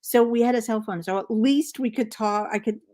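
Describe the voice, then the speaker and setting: A woman's voice: on the high side, brisk, a little mellow. A middle-aged woman hosting a knitting livestream, telling a rambling story in casual chat and counting stitches aloud.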